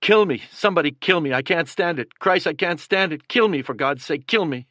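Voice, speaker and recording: A man voicing a young wounded soldier who shrieks and pleads in agony, his voice pushed far higher and louder than his own. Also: animated, fairly quick, dry recording. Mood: anguished.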